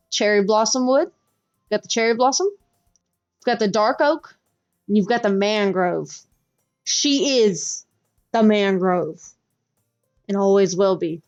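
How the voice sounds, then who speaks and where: A woman's voice: medium pitch, dull audio. A woman from the southern US doing casual, wry commentary over a game, often cutting herself off. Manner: wry, chatty and self-interrupting. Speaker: streamer.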